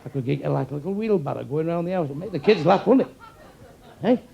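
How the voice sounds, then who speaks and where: Older man, stand-up comic, crude crowd work, gravelly, high-pitched, noisy live room. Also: lively intonation, fast talker, mellow, highs cut off. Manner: crude, teasing audience members with insults and one-liners. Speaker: stand-up comedian. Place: comedy club stage. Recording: noisy live club recording. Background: audience laughter.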